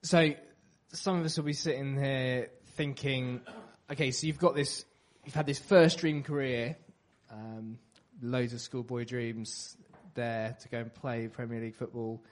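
A man hosts the interview in a relaxed, casual way. His voice is mid-pitched, and his questions are loose and full of restarts. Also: a little slow, hardly any pauses.

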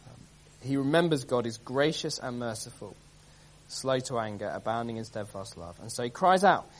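A man preaching an expository sermon, earnest and emphatic, reading scripture aloud with dramatic stress and often pausing with um and uh. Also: medium pitch, expressive. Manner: earnest, emphatic, many ums and uhs.

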